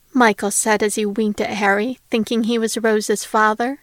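A woman narrating a storybook aloud in a gentle, measured way. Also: medium pitch, little pitch movement, dry recording, studio quality. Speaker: audiobook narrator.

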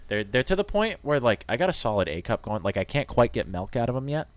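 A young adult man co-hosting a podcast, telling a rowdy anecdote in an animated, jokey way. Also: mid-range voice, fast talker, dry recording. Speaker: podcast co-host. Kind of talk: casual storytelling chat.

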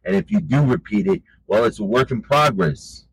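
A man's voice: medium pitch, lively intonation, moderate pace, vocal fry, slightly rough, low-quality recording. A man preaching an informal sermon in an emphatic, conversational way, often saying "you know".

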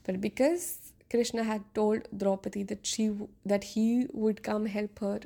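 A woman's voice: medium pitch, steady tone, a little slow, vocal fry, mellow. A woman podcast host retelling an epic story in a casual, conversational way with frequent fillers.

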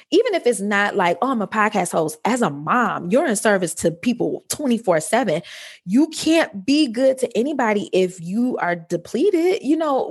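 A woman, chatting as a podcast guest who tells animated stories and acts out voices. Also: medium pitch, breathy edge. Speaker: podcast guest and life coach. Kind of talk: casual interview chat.

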